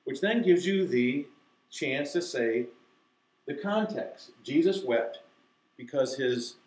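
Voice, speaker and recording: A man explaining to teachers how to teach a verse to children, acting out slow, deliberate recitation. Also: mid-range voice, roomy sound, low-quality recording. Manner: demonstrates, reciting key phrases slowly and deliberately. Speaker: Bible teacher. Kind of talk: instructional talk to teachers.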